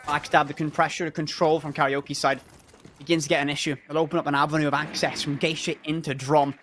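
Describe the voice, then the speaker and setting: A man with an Irish accent giving energetic live esports commentary, stressing words by repeating them. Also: on the high side, a little hiss or hum. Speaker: esports caster.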